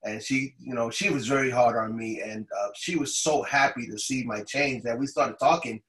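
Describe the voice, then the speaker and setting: A man excitedly telling a personal story on a video call, often laughing as he talks. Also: medium pitch, normal speed. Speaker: guest sharing a testimonial. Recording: echoey room over video call.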